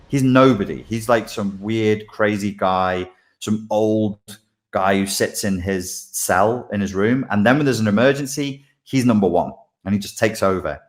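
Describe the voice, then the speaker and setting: A man, a life coach, explaining his ideas in a loose, animated livestream monologue full of asides. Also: on the low side.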